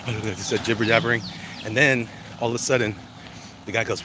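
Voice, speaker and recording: Low-voiced guy rambling on a walk, chesty, cars roaring past. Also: steady tone, a little fast. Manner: rambling, chatty, easily sidetracked. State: chesty and congested, walking on sore legs. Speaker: vlogger. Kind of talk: casual walk-and-talk monologue. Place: outdoors, walking along urban streets. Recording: loud traffic noise outdoors. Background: passing cars and street ambience.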